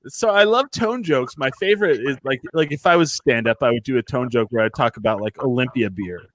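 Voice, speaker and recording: A man's voice: medium pitch, brisk, no echo. A man hosting a casual chat show over a video call, telling stories and swearing freely. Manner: animated storyteller, swears freely, acts out quotes. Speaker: podcast host.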